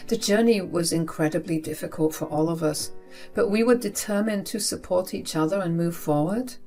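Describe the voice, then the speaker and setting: Woman narrating an emotional story. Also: lowish voice. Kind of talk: first-person story narration.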